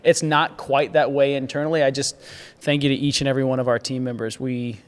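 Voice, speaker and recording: A man sharing his founding story in an interview, earnest and grateful, animated when he tells stories. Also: mid-range voice, brisk, long reverb tail. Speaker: agency founder, guest. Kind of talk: casual conversational interview.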